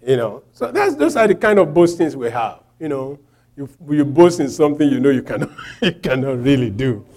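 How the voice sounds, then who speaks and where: Animated Nigerian man preaching. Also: medium pitch, moderate pace. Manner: animated storytelling, laughing, shouting when acting out quotes. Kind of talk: sermon with a personal story.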